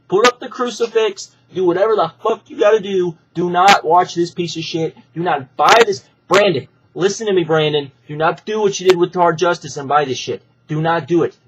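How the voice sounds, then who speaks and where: A man's voice: high-pitched, fairly bright tone, highs cut off, slight background noise. A man giving a ranting video review, profane and exasperated, hammering his points with emphatic repetition. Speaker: wrestling show reviewer.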